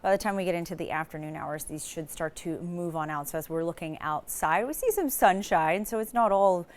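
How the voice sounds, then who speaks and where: Woman meteorologist, live forecast, low-pitched, casual and loose. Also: brisk. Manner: casual, many "so" starts and small restarts.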